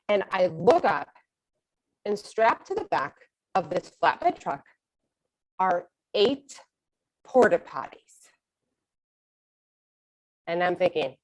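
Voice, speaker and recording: Animated woman telling a funny story. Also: medium pitch, takes it slowly, long pauses, low-quality recording. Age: middle-aged. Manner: animated, self-mocking, acts out her own thoughts. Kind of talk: personal storytelling.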